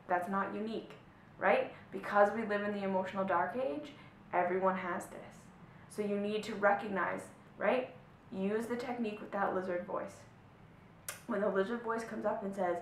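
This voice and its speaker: Emphatic woman coach in an echoey room. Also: a bit bright. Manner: emphatic, often checks in with "right?" and "okay?". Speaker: spiritual life coach. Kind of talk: motivational teaching to camera. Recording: echoey room with faint low rumble.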